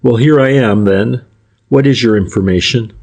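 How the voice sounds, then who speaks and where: A man voicing an impatient, short-tempered gentleman in an audiobook, speaking curtly and sharply. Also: medium pitch, moderate pace, gravelly. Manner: curt and sharp. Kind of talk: audiobook character reading.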